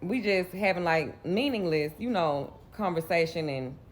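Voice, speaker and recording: A woman's voice: on the low side, animated, unhurried, soft background music. A Southern US woman from Mississippi in her late twenties, telling a personal story in a candid, rambling way. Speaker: vlogger.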